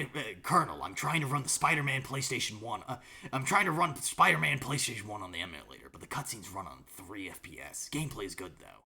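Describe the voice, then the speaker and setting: A man putting on a low, grumbly voice for a gruff male soldier calling in on a radio, heard over background noise.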